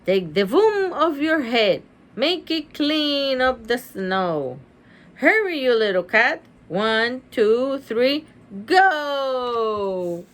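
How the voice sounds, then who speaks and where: A woman's voice: on the high side, very animated, very slow, full character voice. A woman voicing a playful mischievous male cartoon cat while reading a storybook aloud. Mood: bossy cheerful.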